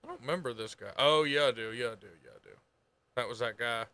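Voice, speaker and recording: A man streaming and chatting casually while reacting to a video, talking in an animated way, swearing and laughing freely. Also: medium pitch, fast.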